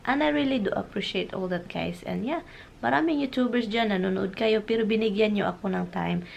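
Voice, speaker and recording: A woman's voice: mid-range voice, quick pace, gravelly, slight background noise. Giggly Filipino-accented woman vlogging. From Philippines. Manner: giggly, chatty, addresses viewers as guys. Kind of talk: casual chat.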